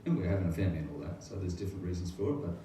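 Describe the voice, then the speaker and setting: A middle-aged male pastor with a low, mellow voice rattles off his faith testimony at a rapid clip, earnest and rambling, full of rhetorical questions. The room is very echoey, the mic distant, with faint noise behind him.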